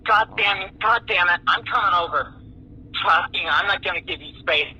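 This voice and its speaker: Man doing an obsessive voicemail stalker, high, shrill, swearing, muffled phone playback. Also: normal speed, sharp tone, slightly rough, full character voice. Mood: agitated. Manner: rambling, swearing, swings between pleading and unhinged. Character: obsessive lovesick man leaving frantic voicemails. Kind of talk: played voicemail recording.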